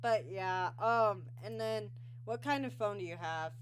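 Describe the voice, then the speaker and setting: A woman's voice: medium pitch, measured pace, smooth. A young woman hosting a casual online interview, rambling and sidetracked, with lots of ums and restarts. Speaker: interview show host.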